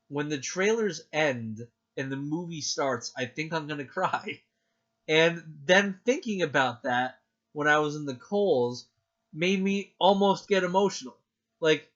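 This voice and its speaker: A man co-hosting a podcast in casual chat, excitable and gushing, acting out his own reactions. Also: a little high, lo-fi sound. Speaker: podcast co-host.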